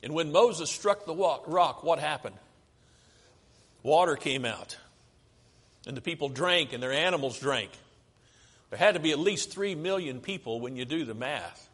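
A man's voice: on the high side, lively intonation, normal speed, pauses often, fairly bright tone, slightly rough. Preacher man in a reverberant hall. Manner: asks the congregation questions and answers them himself. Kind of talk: sermon with slides. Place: church sanctuary.

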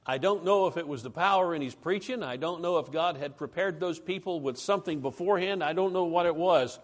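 A man preaching a sermon in a conversational, animated way, reading scripture aloud with rising emphasis. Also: on the high side.

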